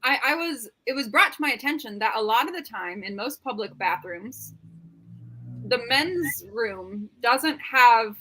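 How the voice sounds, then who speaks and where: Bright, high-voiced chatty woman. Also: lively intonation, a little slow, low-quality recording. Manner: chatty and giggly, with many restarts. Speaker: co-host. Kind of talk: casual chat on a livestream.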